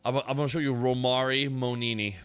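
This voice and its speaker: A man hosting a stream, casual and excitable, swearing a lot and laughing often. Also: mid-range voice, brisk, faint music behind. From Canada. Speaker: streamer host.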